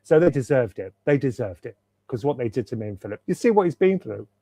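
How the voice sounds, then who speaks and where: A man talks as a guest author on a video call, eager and rambling, circling back to repeat his points. His voice sits at an ordinary middle pitch. The sound is dry and close, with no room around it. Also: big pitch swings, quick pace, dark tone, no echo. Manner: enthusiastic, rambling, repeats himself for emphasis. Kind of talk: casual interview chat.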